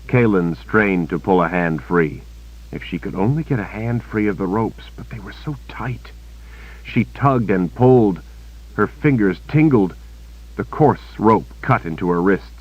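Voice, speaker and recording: Man, very deep voice, measured audiobook narration, dull cassette sound, dry. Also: husky. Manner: steady, measured reading.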